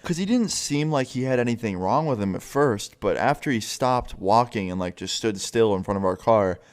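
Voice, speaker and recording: A young man with a lowish voice tells a story in loose, casual storytime fashion. He rambles, swears freely and drops "like" into nearly every sentence. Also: lively intonation, normal speed. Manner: profane, rambling, full of filler "like".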